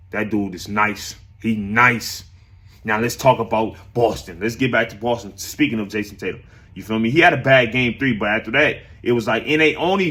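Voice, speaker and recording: A man's voice: on the low side, a bit bright. A man hosting a casual sports talk stream, chatting loosely with viewers, rambling and repeating his phrases.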